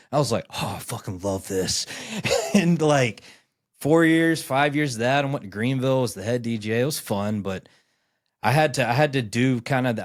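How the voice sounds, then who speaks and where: Podcast host in his thirties; low, dry-miked voice; loose, profane storyteller who acts out conversations. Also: no echo. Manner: rambling storyteller, acts out dialogue, swears often. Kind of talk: casual chat.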